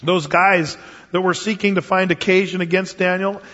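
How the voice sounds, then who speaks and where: A man teaching a Wednesday night Bible study as a pastor, telling stories with lively acted-out quotes. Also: high voice, moderate pace. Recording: dull lo-fi sound with long hall reverb.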